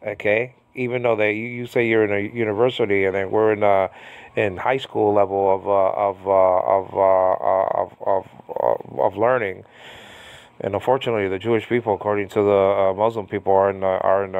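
Gravelly low-voiced man teaching Bible Greek. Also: dry recording. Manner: rambling, with frequent restarts and a combative tone. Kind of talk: casual unscripted Bible study lesson.

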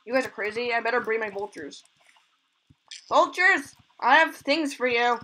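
A woman hosting a let's play, giving excitable commentary and gushing over cute animals. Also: on the high side, normal speed, rough recording. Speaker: gaming channel host.

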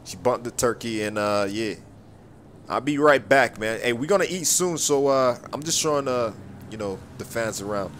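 A young man chatters through a role-play game video in loose, slangy banter, mid-pitched and excitable. He breaks into sudden high whoops now and then. A faint hiss of background noise sits under his voice. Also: moderate pace. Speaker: gaming YouTuber. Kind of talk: casual role-play gameplay commentary.

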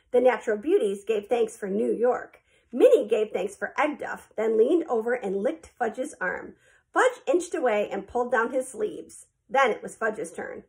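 A woman narrating a children's storybook in a clear, even storytelling manner. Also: a little high. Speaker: audiobook reader.

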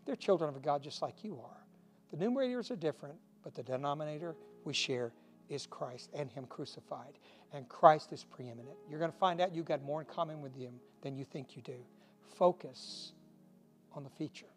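A man preaching a short devotional in a folksy, earnest way, joking at his own expense now and then. His voice sits a little higher than most men's. Soft music plays faintly behind him. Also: normal speed. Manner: folksy and earnest, with self-deprecating asides. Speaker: pastor. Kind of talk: short recorded devotional sermon.

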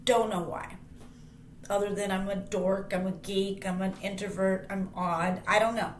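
A woman's voice: mid-range voice, level tone, normal speed, slight background noise. A woman host telling a personal story casually, emphatic and rambling, with frequent restarts and repeats. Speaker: channel host. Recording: roomy echo.

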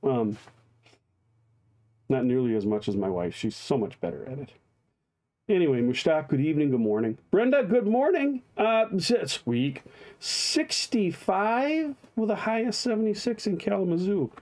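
A man's voice: high voice, sing-song, moderate pace, a little mellow. A man, a pastor, leading a live-streamed daily devotion, chatting with viewers by name and reading liturgy aloud.

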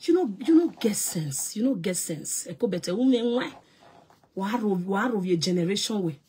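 Nigerian actress ranting on a live stream; husky voice, loud and scolding, swings in pitch and volume. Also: female voice, lively intonation, moderate pace.

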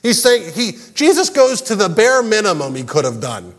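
Male pastor, lively sermon with voiced asides, fairly high voice, big echoing church hall. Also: normal speed, few pauses. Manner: animated, jokey, acts out characters' lines.

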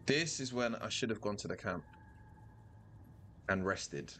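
A man giving playful, animated commentary while playing a video game, thinking aloud and repeating himself. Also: lowish voice, measured pace, slight background noise. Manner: animated, playful, sudden loud outbursts. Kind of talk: live gameplay commentary.

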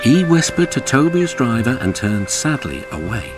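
A man with a British accent, gently and expressively narrating a children's cartoon. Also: medium pitch, normal speed. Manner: gentle and expressive, voicing every character himself. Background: background music.

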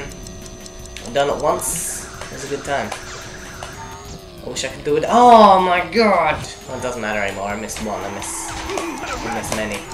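A young woman giving rambling, jokey let's play commentary, talking to herself as she plays. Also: very deep voice. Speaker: gaming commentator. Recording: echoey room with game music behind.

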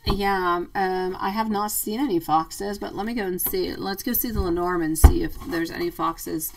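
A woman hosting a live tarot reading, chatty and affectionate, calling her listeners sweetie and love, playful and quick to laugh. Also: lowish voice, creaky, far from the mic, poor audio. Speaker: tarot reader.

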